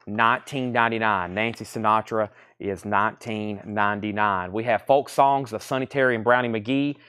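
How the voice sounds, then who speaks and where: A man hosting a live online record sale. He briskly lists titles and prices and repeats them as he goes. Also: medium pitch, a bit bright, clean tone. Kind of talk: live online sales stream.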